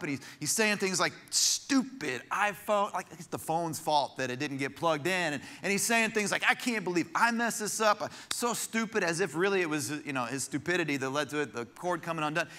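Bright-voiced man preaching a sermon. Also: a little high, fairly quick, hardly any pauses. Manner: conversational storytelling preaching with restarts. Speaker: pastor. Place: church sanctuary.

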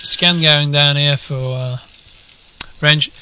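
A young man with a Dutch accent casting a video game live, drifting from quiet musing to shouted excitement. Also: a little high, takes it slowly, a little hiss or hum. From Netherlands. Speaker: game caster.

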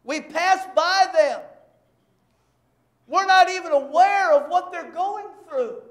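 A man preaching a sermon as pastor, emphatic and repetitive, acting out quick bits of dialogue to make his points. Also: very high-pitched. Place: church. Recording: echoey church sanctuary.

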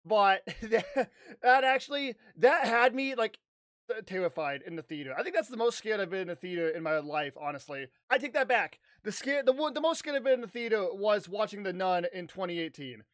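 High-voiced guy rambling through a story for his vlog, lots of restarts, dry close sound. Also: brisk, no echo. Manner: animated, rambling, with restarts and swearing. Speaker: YouTuber.

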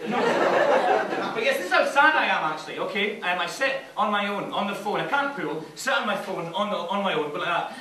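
A man's voice: high-pitched, expressive, brisk, noisy background. A man doing live stand-up, rambling and self-mocking, laughing as he goes. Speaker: stand-up comedian. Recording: distant mic in an echoey cave venue with loud crowd.

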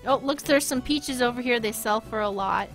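A woman with a Boston accent giving live gameplay commentary, excitable, gasping and laughing often. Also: fairly high pitch, moderate pace, soft background music. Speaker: streamer.

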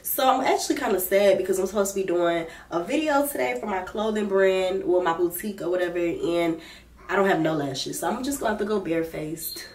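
A young woman, a mother, chatting casually to her viewers in a home vlog while sick and achy, calling them "y'all" at every turn. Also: lowish voice. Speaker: lifestyle vlogger and mother. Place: at home, in a bedroom.

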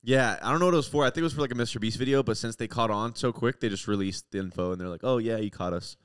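A young man co-hosting a podcast who chats in an excitable way. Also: medium pitch, very fast, smooth, dry recording, clean studio sound. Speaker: podcast co-host. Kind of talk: casual chat.

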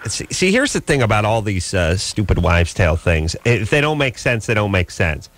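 A man's voice: lowish voice, big pitch swings, moderate pace, no room sound. Sarcastic ranting male radio host. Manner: ranting, sarcastic, many restarts. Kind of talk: late-night call-in radio banter.

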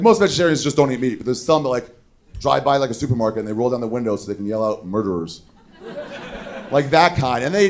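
A man in his thirties doing a profane stand-up comedy set on a club stage, mocking people with quick impressions. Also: mid-range voice.

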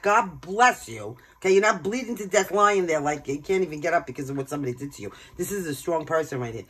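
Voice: mid-range voice, expressive, fast talker, few pauses, fairly bright tone, husky, rough recording. A tarot reader from Brooklyn, giving a casual card reading in a blunt, emphatic way and swearing freely. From Brooklyn, New York.

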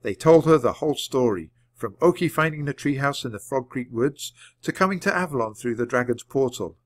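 A man reading a children's book aloud at a clear, measured pace. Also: medium pitch, lively intonation, dry recording. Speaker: storybook reader.

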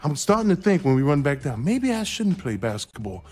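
A man telling an excited, laughing anecdote about his playing days, in a played clip with faint music under it. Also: on the high side, brisk. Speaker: former player telling a story. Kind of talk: animated storytelling clip.

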